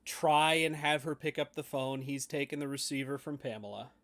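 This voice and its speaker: Higher-voiced man playing a tabletop game. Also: normal speed, a bit bright. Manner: easygoing, laughs often. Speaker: player. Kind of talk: casual tabletop game play.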